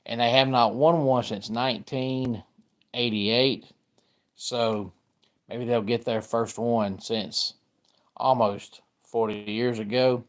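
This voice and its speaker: A man's voice: medium pitch, fairly even intonation, takes it slowly. A middle-aged man from Georgia with a Southern accent, hosting a casual live-stream sports talk and greeting viewers by name. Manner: chatty, greets viewers by name while discussing football.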